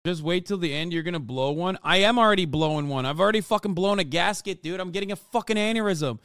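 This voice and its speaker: A man in his thirties streaming, reacting to a video with an angry, profane rant that bursts into shouts. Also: high voice, fast, few pauses, no echo, studio quality. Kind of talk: ranting reaction commentary.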